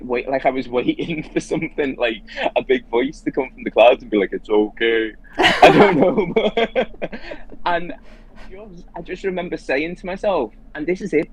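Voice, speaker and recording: A man's voice: a little high, a little slow, slightly rough, low-quality recording. A man hosting a casual conversation who tells his story earnestly and with animation, restarting his sentences often. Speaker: host.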